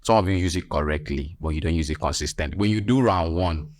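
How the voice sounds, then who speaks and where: A man's voice: rumbling low, quick pace. A man with a Nigerian accent hosting a health podcast as a nurse, talking emphatically with teasing asides.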